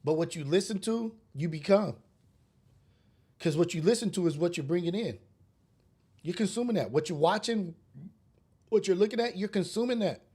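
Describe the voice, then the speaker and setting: A man's voice: high-pitched, animated, normal speed, long pauses, dark tone, breathy edge. Blunt, preachy man ranting on a podcast. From raised in a rough urban neighborhood. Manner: blunt, preachy rant with slang and cursing. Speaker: podcast host. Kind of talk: casual solo podcast monologue.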